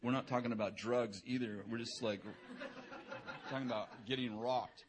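A man's voice: mid-range voice, fairly even intonation, normal speed, crowd noise. A man giving a sermon as a preacher, telling a personal story in a casual, joking way, laughing at himself and using lots of conversational fillers. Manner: humorous, self-deprecating, laughing through anecdotes.

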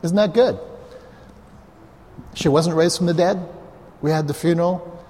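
A pastor man preaching live to a congregation, his fairly high voice carrying a long hall reverb. He tells the story casually and turns to the listeners with asides. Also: measured pace, a little mellow. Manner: conversational, anecdotal, with asides to the congregation. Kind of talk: storytelling sermon. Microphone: clip-on mic.

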